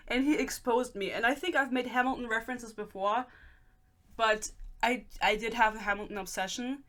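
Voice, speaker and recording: A woman in her twenties hosts a podcast, speaking English with a German accent in a bright, ringing voice. She chats loosely and mocks herself, with swearing asides. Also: a little high, normal speed. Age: 20s. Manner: chatty and self-mocking, with swearing asides. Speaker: podcast host. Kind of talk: casual chat.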